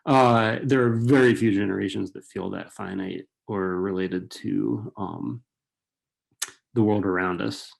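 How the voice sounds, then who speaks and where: Guy, middle-aged, low gravelly voice, rambling fast at a library author talk, lots of ums. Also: fairly even intonation. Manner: fast, digressive, many restarts and fillers. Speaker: author and writing professor.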